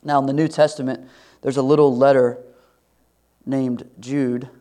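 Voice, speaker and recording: A pastor preaching a sermon, earnest and building to emphatic questions. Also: male voice, mid-range voice, little pitch movement, unhurried, dark tone.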